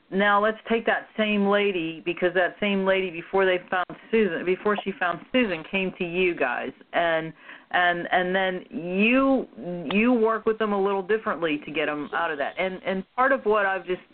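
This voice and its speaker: A woman hosting a panel discussion, talking haltingly with many restarts and ums. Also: mid-range voice, slight background noise. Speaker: host. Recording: tinny phone-like line.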